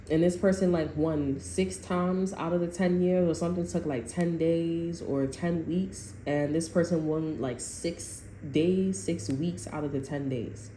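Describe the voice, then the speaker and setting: A woman giving a casual, animated tarot reading, full of profanity and asides to her viewers. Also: lowish voice. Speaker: tarot reader. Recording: echoey room, faint noise.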